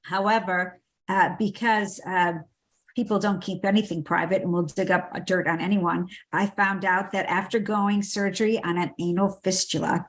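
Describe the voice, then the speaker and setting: A woman's voice: medium pitch, little pitch movement, moderate pace. Chatty woman hosting a book club. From United States. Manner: chatty, with playful asides and frequent fillers. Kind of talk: casual book summary.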